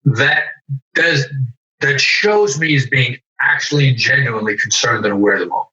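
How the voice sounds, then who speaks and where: A man's voice: medium pitch, normal speed, bright, forceful tone. A middle-aged man, a negotiation expert guest, explaining his methods emphatically and acting out sample phrases. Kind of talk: animated explanatory interview talk. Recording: roomy, distant, dull remote-call audio.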